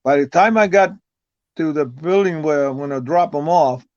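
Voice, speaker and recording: An older man, a retired wrestler, guests on an interview and tells a long, rambling story, often stumbling and repeating words. His voice is on the high side with a darkish tone and a moderate pace. The recording is dull, lo-fi, and dry, with no echo.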